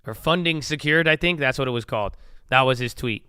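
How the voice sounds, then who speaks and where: A man's voice: medium pitch, a little fast, bright, forceful tone, smooth, no echo, clean studio sound. A young man chatting casually on a trading livestream, rambling in slang and calling people "bro.".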